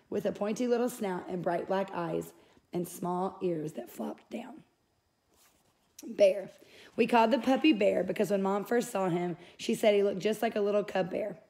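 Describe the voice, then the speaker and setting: A woman's voice: mid-range voice, warm tone. A woman reading a first-person novel aloud in an unpolished way, with small slips and self-corrections. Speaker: audiobook reader.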